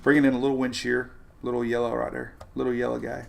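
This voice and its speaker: On his live weather stream, a man chats informally, reads what viewers write, and rambles while laughing often. His mid-range voice is level and creaky, delivered at a quick pace, with a little hiss or hum in the audio.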